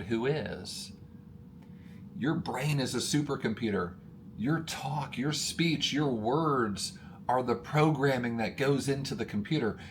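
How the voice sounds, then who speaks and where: An emphatic male coach with a mid-pitched voice, speaking straight to camera with rising energy. He addresses his audience as friends and pushes each point hard. A faint hiss of noise sits under the recording. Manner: energetic, emphatic, gets worked up. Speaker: motivational coach. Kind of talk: motivational talk to camera.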